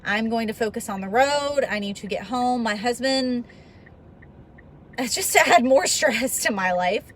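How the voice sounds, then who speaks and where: A woman's voice: a little high, expressive, unhurried. Chatty young woman vlogging from a car. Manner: chatty, rambling, earnest. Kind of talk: casual talking-to-camera vlog. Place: in a car on the road. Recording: car recording with road noise. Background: road and car noise.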